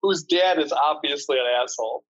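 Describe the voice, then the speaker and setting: A man's voice: a little high, brisk, fairly bright tone, breathy edge, muffled recording. A man co-hosting a podcast, riffing in sardonic, profane banter on a casual video call. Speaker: podcast co-host. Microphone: video call mic.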